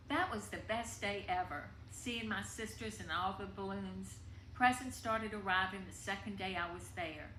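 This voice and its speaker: Bright-voiced woman reading a family story. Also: mid-range voice, moderate pace. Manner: tender, emotional reading. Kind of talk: reading a personal story aloud. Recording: echoey room with faint background noise.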